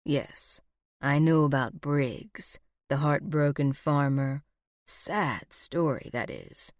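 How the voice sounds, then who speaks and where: A woman voicing a manipulative, smooth-talking villainous man in low, soft, menacing tones. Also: animated, slow pace, no room sound, studio quality, full character voice.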